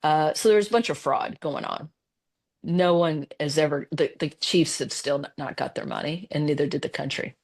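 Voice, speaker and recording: A woman's voice: low-pitched, normal speed, slightly rough. A woman, a business executive as interview guest, telling a story casually and acting out the conversations she quotes. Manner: animated, retells conversations in quoted voices.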